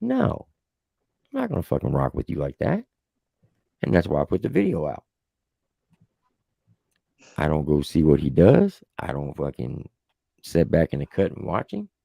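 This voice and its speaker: Brief: low, gravelly male host, lively pitch swings, profane storytelling rant, dry room. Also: normal speed, long pauses, no echo. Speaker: show host. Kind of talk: heated casual livestream rant.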